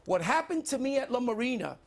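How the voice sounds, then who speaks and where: A man's voice: extremely high pitch, big pitch swings, quick pace, vocal fry. A middle-aged man answering in a televised debate as a candidate, defensive and insistent, repeating his points.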